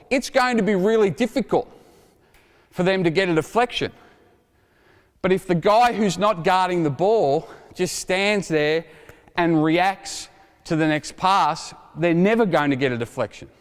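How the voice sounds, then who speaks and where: A man in his forties coaching basketball players through a drill, energetic and joking as he calls out instructions. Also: sits high, a little slow. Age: 40s. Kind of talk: coaching clinic demonstration. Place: indoor basketball court. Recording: reverberant gym hall. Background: basketballs bouncing.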